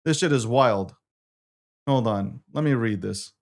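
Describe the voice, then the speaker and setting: A man's voice: mid-range voice, unhurried. A man hosting a talk show, ranting in a profane, combative way as he reads social media posts aloud and argues back at them. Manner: profane, combative, heated rant. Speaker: show host.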